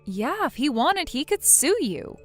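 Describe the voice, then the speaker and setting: A woman's voice: sits high, big pitch swings, a little slow, soft background music. A woman voicing a blunt young female friend in a text-message story, lecturing firmly. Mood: stern. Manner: firm, lecturing.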